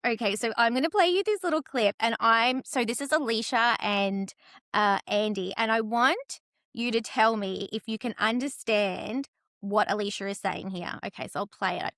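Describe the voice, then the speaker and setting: A woman's voice: a little high, normal speed, a bit bright, dry recording, clean studio sound. A woman hosting a podcast, steering the casual chat with thoughtful, chatty commentary. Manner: chatty, thoughtful, leads the talk. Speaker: podcast host.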